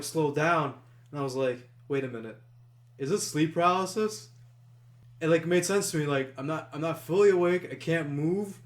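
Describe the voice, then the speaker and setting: A young man casually telling a story to friends on a podcast, full of fillers and restarts. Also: on the high side. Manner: rambling, many fillers and restarts. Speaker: podcast host.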